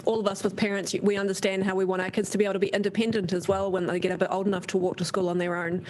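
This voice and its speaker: A woman's voice: medium pitch, level tone, racing, darkish tone, rough recording. Friendly New Zealand woman chairing hearing. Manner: friendly, appreciative, organising. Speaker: meeting chair.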